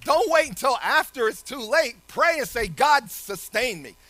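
A man with a very high, bright voice preaches an animated sermon. He laughs often and shouts some phrases. The sound is dry and close. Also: moderate pace, no echo.

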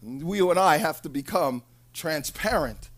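Animated, slow-paced preacher. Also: medium pitch. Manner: animated, dramatic, swings from hushed to loud. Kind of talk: sermon.

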